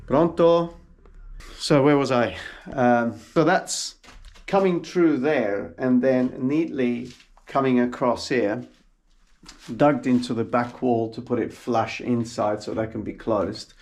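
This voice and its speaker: A man's voice: mid-range voice, darkish tone. A man hosting a vlog, enthusiastically walking viewers through properties and building work and explaining as he goes. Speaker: property consultant vlogger.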